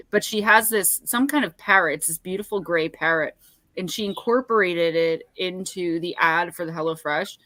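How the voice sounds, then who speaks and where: A woman's voice: lowish voice, a bit bright, no echo. Chatty woman co-host, dry sound. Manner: chatty, rambling, with lots of fillers. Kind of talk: casual chat.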